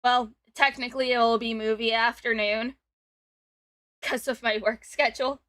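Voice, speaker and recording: This streamer host, a woman in her twenties, has a slightly high, sharp voice with a steady tone and moderate pace, recorded dry. On her casual stream she giggles a lot, reads chat messages aloud, and talks over her guest.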